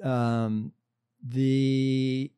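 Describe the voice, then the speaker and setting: A man's voice: mid-range voice, little pitch movement, extremely slow, dark tone, clear, resonant tone. A man co-hosting a comedy podcast, reading news items with dry jokes and plenty of fillers. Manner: dry, hesitant, many fillers. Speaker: podcast co-host.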